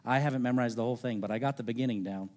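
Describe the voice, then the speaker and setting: A middle-aged male pastor preaching a sermon, telling a personal story with earnest, conversational delivery that drops to quiet, intimate tones. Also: medium pitch, racing.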